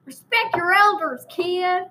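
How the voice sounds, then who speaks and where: A woman's voice: very high voice, bright, forceful tone, slight background noise, heavily acted, poor audio. A woman doing a folksy old Texan yarn-spinner. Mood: folksy rambling. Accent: put-on rural Texan. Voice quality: exaggerated drawl, deliberately bad accent. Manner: rambling, folksy asides. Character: old rural Texan storyteller, folksy and rambling.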